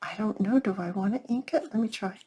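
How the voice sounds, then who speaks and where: A woman's voice: mid-range voice, fairly quick, dark tone, breathy edge. A woman chatting casually while working on a craft project, thinking aloud and talking to her viewers. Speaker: craft vlogger. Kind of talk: casual crafting tutorial chat.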